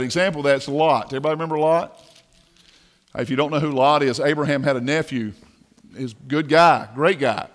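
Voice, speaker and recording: A male pastor preaches a sermon in a church, telling a story and asking the congregation questions. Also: fairly high pitch. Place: church sanctuary. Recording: long reverb of a church hall.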